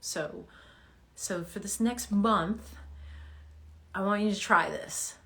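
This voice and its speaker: A woman teaching a meditation lesson, speaking softly and haltingly with many fillers, then growing loud and playful as she repeats an affirmation. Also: mid-range voice. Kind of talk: guided meditation talk.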